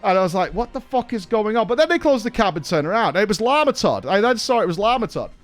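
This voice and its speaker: A man streaming, telling a story in a casual, animated way, swearing and laughing along. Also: high-pitched, quick pace.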